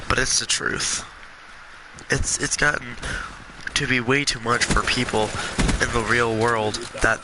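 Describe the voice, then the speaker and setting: A congested man talking earnestly and with passion in a gaming vlog, with halting restarts. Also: mid-range voice, background noise. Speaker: gaming video creator.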